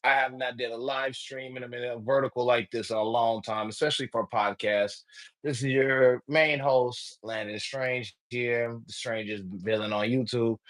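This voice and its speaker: A man with a Southern accent hosting a live podcast interview, talking in an animated, enthusiastic way. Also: mid-range voice. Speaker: podcast host.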